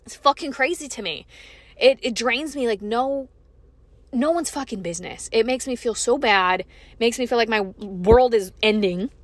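A young woman hosts her own podcast as a solo monologue, speaking bluntly and with emphasis, dropping swear words freely. Her voice sits on the higher side. The recording is close and dry, with no room sound. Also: normal speed, dry recording. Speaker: podcast host.

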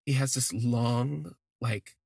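A man tells a personal story in a gravelly, husky voice, rambling and stopping to correct himself. The recording is close and dry, with no room sound. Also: medium pitch, slow pace, darkish tone, dry recording. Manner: rambling, self-correcting, gushing. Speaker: podcast storyteller.

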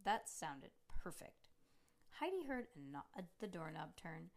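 A woman's voice: deep voice, big pitch swings, measured pace. Woman reading a bedtime story. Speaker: podcast host and reader. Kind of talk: reading a children's book aloud.

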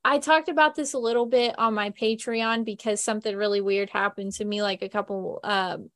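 A woman's voice: mid-range voice, fairly even intonation, a little fast. A woman hosting a podcast, telling stories in a chatty, casual way with frequent laughs. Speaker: podcast host. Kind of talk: casual chat.

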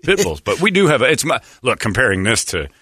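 A man's voice: mid-range voice, big pitch swings, fast talker, sharp tone, husky, no echo. A man hosting a radio talk show, telling rambling stories, laughing often and acting out quotes in casual banter.

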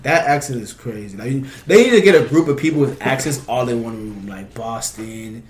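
A young man co-hosting a podcast, joking loudly in slangy casual banter. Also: mid-range voice, moderate pace, reverberant. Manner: loud, animated, joking, slangy. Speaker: podcast co-host. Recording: loud group chatter around. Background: friends laughing.

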